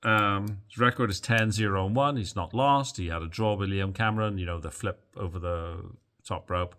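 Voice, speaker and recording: Opinionated man with a low, bright voice. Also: moderate pace. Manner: chatty, opinionated, with many fillers and asides. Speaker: boxing news channel host. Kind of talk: casual commentary to camera.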